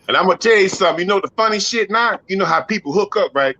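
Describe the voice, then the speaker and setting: A man doing a profane stand-up routine in a comedy club, loud and rowdy, slipping into acted-out voices. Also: sits high, animated, fast, creaky, few pauses, dull audio.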